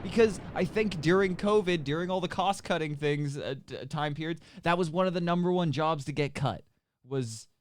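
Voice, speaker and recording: Young dude swearing through a rambling podcast rant, smooth clear voice, dry close sound. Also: male voice, a little high, moderate pace, no room sound. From Canada. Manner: profane, rambling storytelling with frequent laughs. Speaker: podcast co-host. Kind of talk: casual chat.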